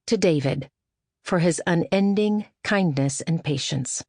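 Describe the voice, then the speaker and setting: Low-voiced woman narrating an audiobook. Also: a little slow, darkish tone, no room sound, clean studio sound.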